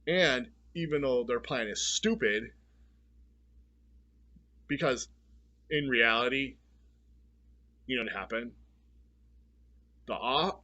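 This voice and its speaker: Man, movie reviewer, bright edgy tone with a husky rasp; blunt, profane, fed-up rant. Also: mid-range voice. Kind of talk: casual ranting review.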